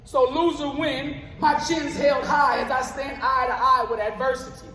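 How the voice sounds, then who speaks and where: A man's voice: extremely high pitch, fairly even intonation, moderate pace, sharp tone, slight background noise. A man performing spoken word poetry live on stage, with a rhythmic, rhyming delivery. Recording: roomy live venue with long reverb.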